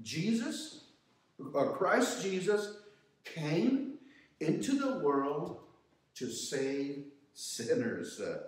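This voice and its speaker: A man leads a youth Bible lesson in a church in a high, animated voice, piling up rhetorical questions. He speaks slowly and often restarts his sentences. He is heard from a distance in a very echoey hall. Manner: preaches with repeated rhetorical questions and many restarts. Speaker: youth Sunday class teacher. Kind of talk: sermon-style Bible lesson.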